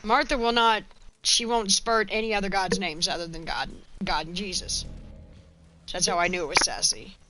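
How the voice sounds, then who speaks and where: A woman's voice: mid-range voice, fairly even intonation, normal speed, bright, forceful tone, soft background music, low-quality recording. A woman streaming a Western video game, chatting in a rambling, frank way as she plays. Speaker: gaming streamer. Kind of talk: casual let's-play chat.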